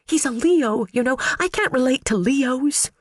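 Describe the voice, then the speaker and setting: A man's voice: extremely high pitch, animated, unhurried, no echo, studio quality, pitched above the performer's own voice, heavily acted. A man voicing a timid young female secretary who stammers and cries, in an audiobook. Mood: panicked. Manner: stammering, whimpering. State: crying. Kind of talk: audiobook character voice.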